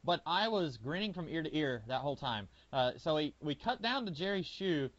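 A man chatting casually on a podcast, voice pitched slightly high, rambling with many fillers. The audio is dull and lo-fi, and the sound is very dry with no room. He gets animated when he retells scenes. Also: normal speed, no echo. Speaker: podcast co-host. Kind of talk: casual chat.

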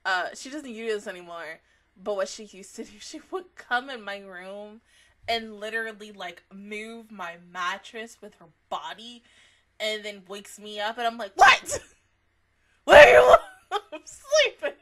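A young woman chatting casually about an episode she just watched, excitable and laughing often, with a casual habit of swearing. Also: medium pitch, moderate pace. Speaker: anime reaction vlogger. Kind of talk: casual reaction chat.

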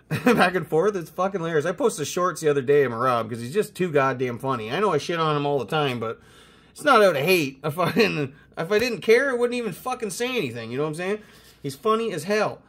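A young man rips through his mail-day cards with hyped, foul-mouthed commentary. His pitch leaps and drops all over the place as he cheers some cards and grumbles at others. It sounds like an off-the-cuff chat to his viewers. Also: a little fast. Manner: profane, excitable, hyped. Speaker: host opening sports cards. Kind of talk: casual card-opening commentary.

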